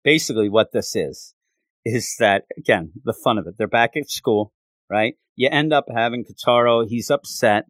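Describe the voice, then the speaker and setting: A man hosting a casual talk show, recapping a manga chapter in an animated, rambling way with frequent restarts. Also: mid-range voice, moderate pace, dry recording. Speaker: podcast host reviewing a manga chapter. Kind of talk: casual chat.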